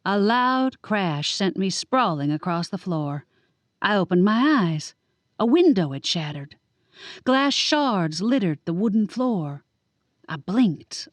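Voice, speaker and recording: A woman narrating a first-person audiobook in a lively, wry storytelling manner. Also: medium pitch, dry recording. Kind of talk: scripted narration.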